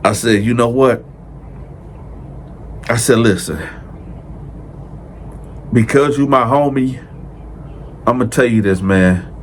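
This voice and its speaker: A man telling a true prison story in casual storytime style, speaking slangy and addressing viewers directly, jumping his pitch up to act out the people he quotes. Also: a little hiss or hum. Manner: animated, acts out quoted dialogue with raised pitch.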